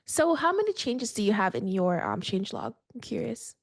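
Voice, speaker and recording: A woman casually talking through a coding assistant demo, relaxed and thinking aloud. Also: a little high, normal speed, vocal fry, no echo, clean studio sound. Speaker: developer demoing a coding assistant. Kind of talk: casual tech demo chat.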